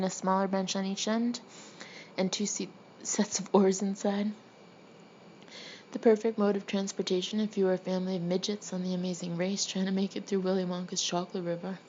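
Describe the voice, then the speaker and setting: Reading aloud from her own humorous memoir, a woman with a dark-toned, medium-pitched voice frequently dissolves into laughter. The lo-fi recording is a bit dull, with a faint hiss behind it.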